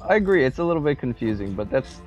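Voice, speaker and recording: A man running a tabletop game as game master, explaining rules in a relaxed way with lots of fillers over a headset. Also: medium pitch, fast talker, faint music behind. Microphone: headset microphone. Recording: dull, slightly muffled lo-fi voice chat.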